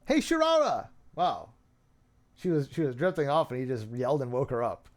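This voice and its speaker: A man's voice: medium pitch, fast, a little mellow. A man hosting, reading messages aloud with dry, sarcastic, mock-serious commentary. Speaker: host.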